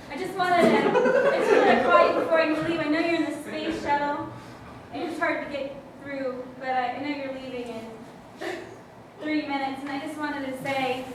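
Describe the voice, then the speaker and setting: A woman's voice: sits high, noisy background, close to an everyday voice. A woman playing a sweet but scheming mother who is a secret spy, in an improv comedy scene, heard from far off in an echoey hall. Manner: sweet, fumbling, giggly.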